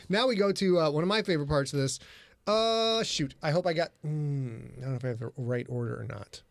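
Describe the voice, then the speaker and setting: Jokey high-voiced man hosting a podcast. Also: a little fast, gravelly, no room sound. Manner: jokey, flustered, rambling with restarts. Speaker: podcast host and author. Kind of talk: casual chat.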